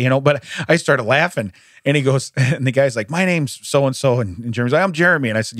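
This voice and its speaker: A man with a fairly high voice speaks fairly quickly, recorded on a studio microphone with clean quality and no room sound. Co-hosting a podcast, he tells a story in casual chat, laughing often and acting out what people said in their voices.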